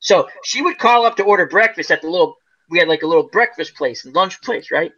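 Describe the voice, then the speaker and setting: A man's voice: high-pitched, fast talker, lo-fi sound. A middle-aged man hosting a casual group chat, animatedly telling stories and acting out the people in them. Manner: animated storyteller, acts out quoted people. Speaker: host.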